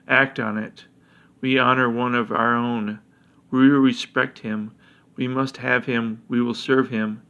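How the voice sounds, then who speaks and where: A man's voice: medium pitch, vocal fry, pushed and bright, lo-fi sound. A man voicing a proud elder dragon who snarls a contemptuous rebuke.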